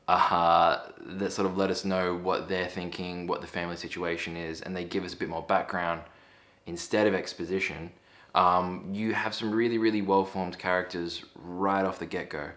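A very deep-voiced man talks through a film in a casual video review. He is enthusiastic and laughs often, with plenty of easygoing swearing. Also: fairly bright tone.

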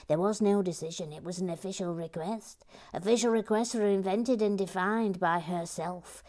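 A woman's voice: medium pitch, normal speed. A woman hosting a building stream in casual chat. She reads out viewer comments, repeats words to herself fondly, and often drops to a near whisper. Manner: soft-spoken, often drops to a murmur or whisper, then perks up. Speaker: host building a toy set on a live stream.

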